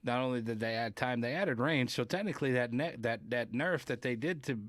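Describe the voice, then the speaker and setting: A man's voice: medium pitch, brisk, dry recording, studio quality. A man hosting a podcast, rambling through casual gaming talk, reading viewer comments and swearing now and then. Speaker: podcast host.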